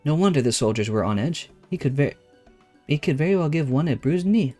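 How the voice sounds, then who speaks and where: A man voicing a gruff male military commander in a game, blunt and mocking. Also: a little high, animated, brisk, a little mellow, faint music behind.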